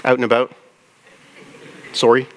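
A man's voice: mid-range voice, monotone, unhurried, a little hiss or hum. Man preaching with questions to his audience. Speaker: pastor. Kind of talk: sermon.

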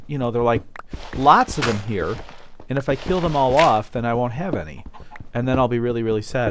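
A man's voice: mid-range voice, background noise. A man hosting a casual let's play, chatting playfully as he goes and talking to objects in the game.

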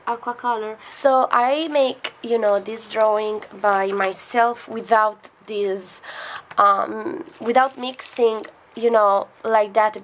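A young woman with an Italian accent, an artist chatting excitedly through an unboxing vlog, gasping and giggling often in non-native English. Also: mid-range voice, a little hiss or hum. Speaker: artist reviewing art supplies.

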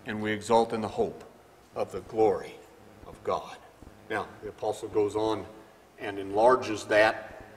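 Guy preaching a sermon, goes soft then loud and emphatic, long echo like a big church. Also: medium pitch. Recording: long hall reverb.

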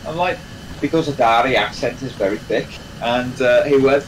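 A man with a medium-pitched, brisk voice hosts a live game stream, chatting casually as he plays a train game. He rambles, with lots of fillers and restarts. The low-quality recording carries a little hiss or hum.

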